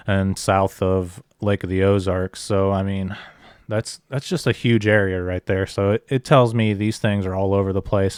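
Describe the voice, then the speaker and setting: A man hosting an interview podcast, telling his own field stories in a steady, even way. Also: on the low side, clean tone, no room sound, studio quality. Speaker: podcast host. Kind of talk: casual interview chat.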